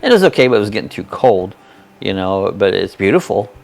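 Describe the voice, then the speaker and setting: Casual chat, older guy in his 60s, gravelly and low, rambling folksy host, some music quiet behind. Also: very animated, fairly quick. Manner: rambling, folksy, self-deprecating. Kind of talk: casual live-stream chat reading comments.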